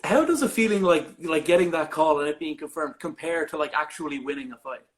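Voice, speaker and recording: A man's voice: fairly high pitch, brisk. A man interviewing a fighter on a live stream, asking long, hesitant questions with many restarts. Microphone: live video stream.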